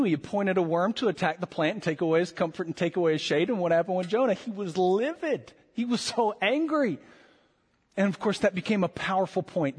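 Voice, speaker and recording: A high-pitched man preaches a sermon in a large sanctuary. His earnest delivery swells on the key points and falls to near-whispers, and a long reverb trails every phrase. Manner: earnest preaching with rising emphatic peaks and quiet drops. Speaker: pastor.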